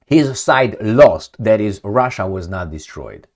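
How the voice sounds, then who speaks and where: A man's voice: on the low side, slow. A man giving blunt, sarcastic political commentary, mocking and jabbing, then dropping into muttered asides. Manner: animated, swings between loud jabs and muttered asides. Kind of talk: casual commentary vlog.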